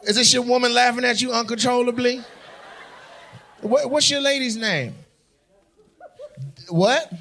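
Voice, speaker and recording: A man doing stand-up crowd work on stage, loudly teasing and mocking audience members with banter. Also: very high voice, a little slow, pauses often. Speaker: stand-up comedian. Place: comedy club stage. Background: audience laughter.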